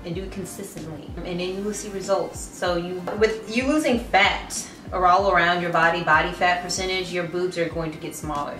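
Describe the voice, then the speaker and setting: A chatty woman talks to camera in a casual fitness vlog, often restarting her sentences. Her voice sits on the low side, a little distant from the mic in an echoey room. Light music plays faintly behind her. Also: a bit bright. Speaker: fitness vlogger.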